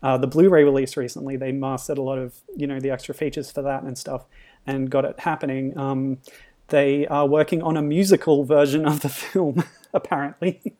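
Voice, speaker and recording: A man's voice: mid-range voice, flat delivery, fairly quick, dark tone. Chatty man on a film podcast. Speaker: podcast co-host. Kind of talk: casual chat.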